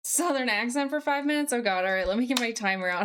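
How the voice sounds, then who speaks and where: A young woman live streaming as she codes, reading chat aloud and thinking out loud with many fillers. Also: on the high side, animated, fast, few pauses, clean tone. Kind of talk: casual live-stream chat while coding.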